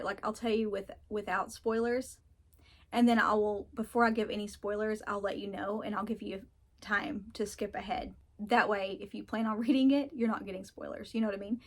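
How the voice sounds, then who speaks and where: Frank, ranting woman book reviewer. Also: fairly high pitch. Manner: frank, ranting, laughs often, swears; animated, mocks characters in put-on voices. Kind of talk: casual chat.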